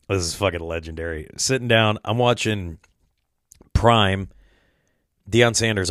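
A man's voice: lowish voice, measured pace, long pauses, fairly bright tone, no room sound, clean studio sound. A man hosting a podcast, rambling through a casual story, swearing a lot and laughing as he talks. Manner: rambling, swears often, laughs mid-sentence. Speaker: podcast host.

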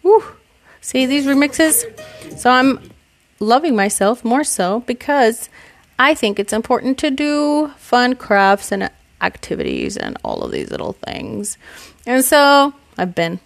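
A woman's voice: a little high, very animated, a little slow, vocal fry. A woman talking to camera in a casual, rambling vlog monologue, candid and profane, reflecting on herself. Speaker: vlogger. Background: faint music.

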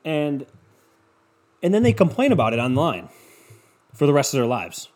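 A man's voice: on the high side, moderate pace. A man in his twenties hosting a podcast, ranting through a comic story with heavy swearing and sarcasm. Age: 20s. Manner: profane, sarcastic, animated impressions in quotes. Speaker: podcast host.

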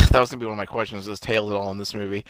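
Podcast co-host, man with a lower voice who talks fast, tossing in quick questions. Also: fairly even intonation, a bit bright, dry recording. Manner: brief chiming-in remarks and questions. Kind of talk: casual chat.

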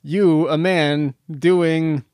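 Bright-voiced man in casual podcast chat. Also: fairly high pitch, fairly even intonation, very slow, slight background noise. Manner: chatty, repeats words when he restarts. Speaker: podcast co-host.

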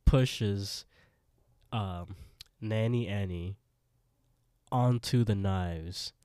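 A man with a low voice recaps a show episode in relaxed podcast chat. He acts out the characters' lines and laughs along as he goes. The recording is dry and close, with no room sound. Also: no room sound. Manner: storytelling, acting out quotes, laughing often. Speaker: podcast co-host.

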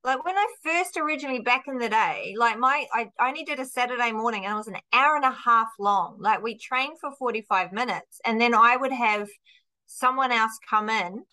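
Fitness coach lady on a podcast, bubbly and animated, bright voice pitched a bit high, drops the odd swear. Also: normal speed. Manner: lively and animated, swears freely. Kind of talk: casual interview chat.

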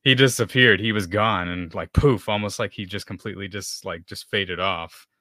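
Low-voiced man telling his story. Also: moderate pace, sharp tone, no echo, studio quality. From Texas. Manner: storytelling with many fillers, acts out dialogue. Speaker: podcast guest. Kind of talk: personal testimony in conversation.

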